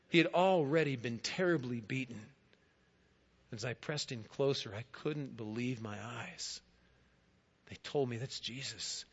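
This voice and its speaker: A man, a guest speaker in a church, giving a first-person dramatic monologue in a storytelling manner, swelling loud and then dropping quiet. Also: medium pitch, husky. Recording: dull lo-fi recording.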